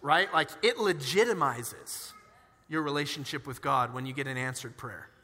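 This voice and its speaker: A young man preaching a sermon in a casual, animated way, telling personal stories and acting out their dialogue. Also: medium pitch, moderate pace. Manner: animated, conversational, acts out dialogue in his stories. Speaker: pastor. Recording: reverberant church hall.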